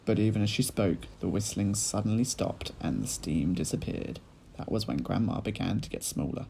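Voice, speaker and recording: A male teacher reading a children's book aloud in lively storytelling style, speaking to his pupils. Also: fairly low pitch, normal speed, creaky, slight background noise, low-quality recording. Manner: animated storytelling, addressing children.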